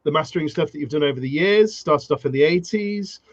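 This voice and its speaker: A man's voice: fairly high pitch, no echo, muffled recording. A man hosting a podcast, chatting casually and agreeing eagerly with his guest. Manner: enthusiastic, quick to agree. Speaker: podcast host. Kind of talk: casual interview chat.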